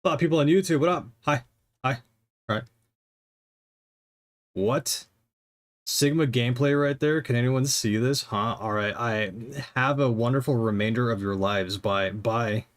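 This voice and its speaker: A man's voice: medium pitch, normal speed, long pauses. A young man streaming a game, chatting casually and rambling with his viewers. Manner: rambling, chatty, laughs often.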